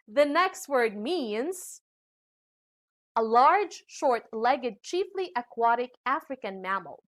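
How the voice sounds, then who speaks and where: Woman, Filipino accent, English teacher, scripted lesson, lively intonation. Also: a little high. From Philippines. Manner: slow, lively teacherly delivery addressing students.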